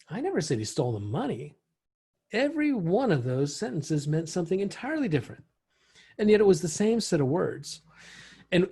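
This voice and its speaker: A man's voice: on the high side, a little mellow, husky. A middle-aged man leading an online real estate training session, talking in a conversational way with frequent restarts.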